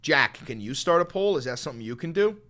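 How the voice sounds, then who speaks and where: A young male streamer with a high voice rants at his chat. He taunts them and swears a lot, combative and mocking. His tone is bright and forward. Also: expressive, quick pace. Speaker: streamer, channel host. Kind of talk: live-stream political rant.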